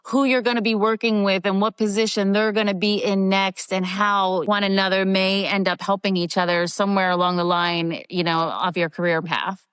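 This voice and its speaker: A middle-aged woman from the Philadelphia area tells candid stories from her acting career as an interview guest. Her voice sits mid-range and sounds close and dry. She talks animatedly and jumps into high voices when she quotes people. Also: level tone, normal speed, few pauses, fairly bright tone, clear, resonant tone, no room sound. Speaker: guest actress.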